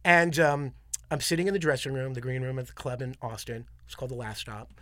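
A comedian from Long Island speaks at a brisk clip, racing through anecdotes. He acts out the people in his stories with lively shifts of voice. The studio sound is dry and close. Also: mid-range voice, dry recording. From Long Island, New York. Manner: animated anecdotes with acted-out quotes. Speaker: comedian guest. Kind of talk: casual interview storytelling.

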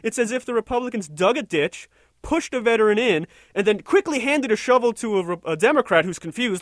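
A man's voice: sits high, lively intonation, fairly quick, dry recording, studio quality. A man delivering an indignant, sarcastic opinion rant, rambling and restarting his sentences as he goes. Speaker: political commentator.

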